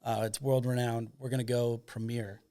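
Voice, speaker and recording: A man from Michigan with a gravelly, fry-edged voice at an ordinary middle pitch. He is a filmmaker guest on a podcast. He talks casually, wanders through his story and stacks up fillers as he goes. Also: level tone, moderate pace, dark tone. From Michigan, United States. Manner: rambling, filler-heavy anecdote telling.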